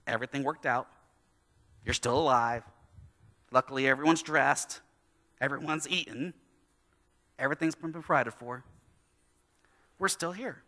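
A pastor preaching a sermon, telling a story about his kids and acting out their lines in lively storytelling. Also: medium pitch, unhurried, pauses often. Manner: animated storytelling, acting out his kids' voices. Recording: long hall reverb.

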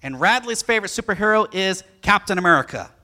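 A pastor with a bright, forward tone and a slightly high voice, preaching a sermon. He tells a family story with lots of swing in his pitch and plays out the boy's lines as he goes. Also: fast. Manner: animated storyteller who acts out his son's lines.

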